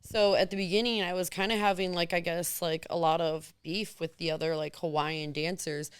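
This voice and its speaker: A woman in her thirties, a podcast guest telling candid stories in an animated way, acting out the voices of others. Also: lowish voice, normal speed, smooth, no room sound. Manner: animated, acts out quoted voices. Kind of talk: candid storytelling.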